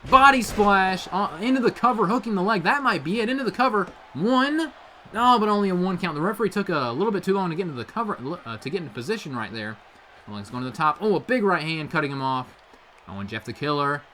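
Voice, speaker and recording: A young man calls video game wrestling play-by-play in a bright, lively, fairly high voice that jumps up on every big move. He's hyped and exclaims "oh" often, rising to shouts at the big moments, with a faint hiss under the home recording.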